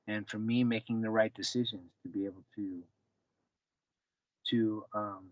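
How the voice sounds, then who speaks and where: A man's voice: fairly low pitch, no room sound. Man telling a story in a dull recording. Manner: animated, acts out dialogue with his son. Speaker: former fighter and wrestling coach, guest. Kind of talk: casual podcast storytelling.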